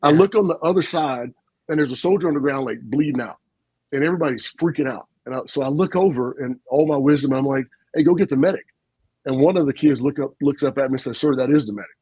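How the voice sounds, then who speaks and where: A man, a retired army officer, telling stories in an animated, folksy way on a casual podcast. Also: medium pitch, quick pace, husky, dry recording, highs cut off. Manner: animated, folksy storyteller with frequent asides and laughs.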